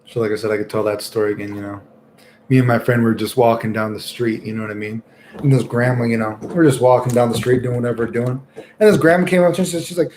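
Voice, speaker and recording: A man's voice: medium pitch, fairly even intonation, fast talker, darkish tone, slight background noise. A young man streaming live, chatting casually and rambling through stories with lots of swearing. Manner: rambling, casual, swears often, many fillers.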